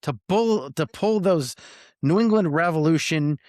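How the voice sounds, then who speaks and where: A man's voice: on the high side, lively intonation, unhurried, a little mellow, dry recording, studio quality. A man co-hosting a soccer podcast in casual chat, joking and given to mock-grand rants. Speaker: podcast co-host.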